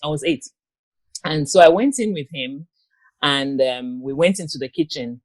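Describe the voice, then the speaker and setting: A grown woman giving an interview guest's personal account, talking in a halting way with many pauses and restarts. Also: low-pitched, a little mellow, no room sound. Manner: halting, with frequent ums and restarts. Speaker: guest, abuse survivor and author.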